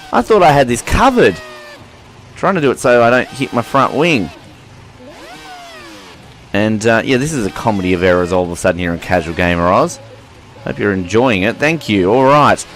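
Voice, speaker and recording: A man's voice: medium pitch, fairly bright tone. A young man hosting a gaming channel, giving chatty, self-mocking gameplay commentary that keeps tipping into exasperation. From Australia.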